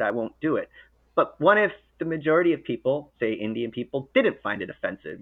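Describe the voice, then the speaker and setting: A man chatting casually as host, rambling with many restarts and self-corrections. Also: medium pitch. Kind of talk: casual chat. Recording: narrow phone-like sound.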